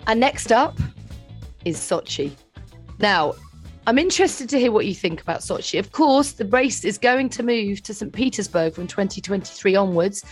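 A woman co-hosting a podcast, chatting and telling stories in a lively way. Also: medium pitch, normal speed, husky, faint music behind. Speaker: podcast co-host. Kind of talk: casual chat.

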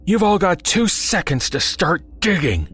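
A man's voice: on the high side, big pitch swings, measured pace, voice pushed up. Man putting on a sarcastic, menacing woman gangster. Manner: sarcastic, bossy, threatening.

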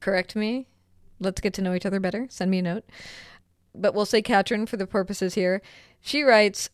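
Smooth-voiced woman podcast host. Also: medium pitch, fairly even intonation, moderate pace, no echo, clean studio sound. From United States. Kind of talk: casual chat, reading listener mail.

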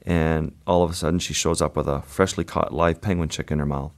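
Low-voiced man telling a wild story. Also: fairly even intonation. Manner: halting, vivid storytelling with pauses and fillers. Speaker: photographer guest. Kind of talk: recounting a story in an interview.

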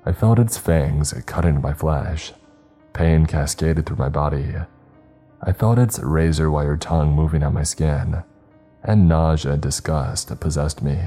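A man narrating a horror story in a slow, grave, measured way. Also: rumbling low, mellow, faint music behind.

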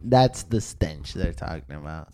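Brief: young guy, animated pitch, laughs through his crude stories, casual banter. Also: a little slow. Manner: laughing, storytelling, slangy. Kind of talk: casual crude chat among friends.

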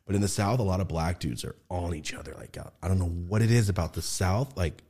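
A young man hosting a podcast, chatting casually and telling animated stories with quick jumps into high mimicking voices. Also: husky. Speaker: podcast host.

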